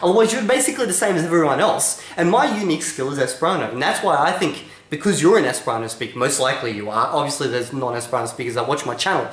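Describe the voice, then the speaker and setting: A man's voice: fairly high pitch, expressive, very fast, hardly any pauses. Joking male YouTuber in an echoey room. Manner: joking, self-assured storytelling. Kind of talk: casual vlog talk to camera.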